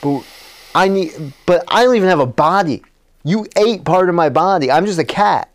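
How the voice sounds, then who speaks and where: A man's voice: sits high, animated, moderate pace, voice pushed up. A man voicing a male character trapped in a cat's body, talking urgently. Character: vengeful man trapped as a cat.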